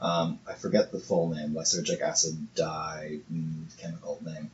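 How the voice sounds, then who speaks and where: A podcast co-host with a very deep voice and level tone talks at a moderate pace in a casual chat. He stumbles over repeated words while reading testimonies aloud. The room is echoey, with a muffled lo-fi sound and faint hiss.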